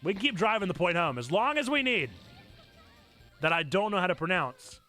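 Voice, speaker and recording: A man giving live commentary while he plays a video game on stream, excitable and quick to break into shouts at what happens in the game. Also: sits high, soft background music. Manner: excitable, bursts into shouting over game events. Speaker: church gaming streamer.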